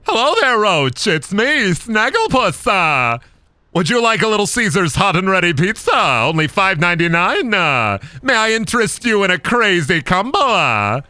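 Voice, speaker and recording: A man's voice: high voice, sing-song, normal speed, sharp tone, no echo, pitched above the performer's own voice, full character voice. A man doing Snagglepuss, a florid cartoon lion. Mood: genteel. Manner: grand, genteel and florid.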